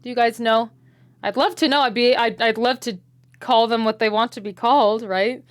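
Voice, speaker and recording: An American woman hosting a reaction video, chatting casually and asking curious questions out loud. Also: a little high, steady tone, moderate pace. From United States. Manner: curious, asks many questions aloud, laughs often.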